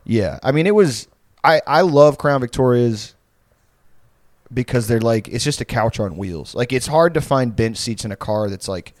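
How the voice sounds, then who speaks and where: A young man in his twenties rambles through a crude story on a podcast, swearing freely and leaning on "like" and "uh". His voice sits at a middling pitch. The sound is dry and close, with no room in it. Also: animated, moderate pace, darkish tone, no room sound. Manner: rambling, profane storytelling with frequent fillers. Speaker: podcast co-host. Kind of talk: casual chat.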